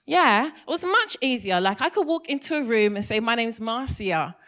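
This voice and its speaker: A woman's voice: sits high, very animated, fairly quick, fairly bright tone. London woman doing stand-up, crowd-teasing. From England. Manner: chatty, teasing the crowd with questions. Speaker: stand-up comedian. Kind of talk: stand-up comedy set. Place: comedy club stage.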